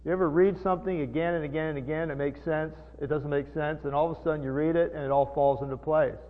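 A man's voice: fairly high pitch, fairly even intonation, quick pace. A man preaching a sermon, teaching from the Bible in a folksy way, explaining Greek words and putting questions to his listeners. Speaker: pastor teaching. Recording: long hall echo, tinny phone-like sound.

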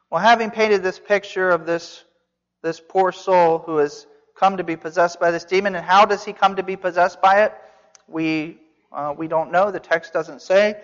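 A man's voice: high voice, fairly bright tone. A man preaching an expository sermon, earnest and emphatic, repeating phrases for stress. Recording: dull sound with long hall reverb.

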